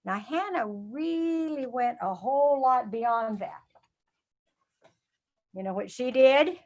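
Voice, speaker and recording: An older woman telling a Bible story to children in a lively way, often asking them questions. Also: fairly high pitch, muffled recording. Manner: animated, asks children questions.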